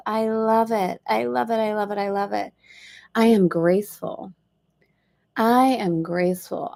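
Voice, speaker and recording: A middle-aged woman with a slightly high, gravelly voice hosts a spiritual study livestream from a boat. She chats in an upbeat, rambling way, tossing in playful asides.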